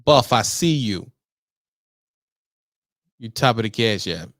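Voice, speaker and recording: A man hosting a casual trucking livestream, talking bluntly and swearing, his voice jumping high and loud when he presses a point. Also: takes it slowly, background noise. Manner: blunt, animated, swears, rises to loud high-pitched emphasis. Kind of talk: casual advice talk to viewers.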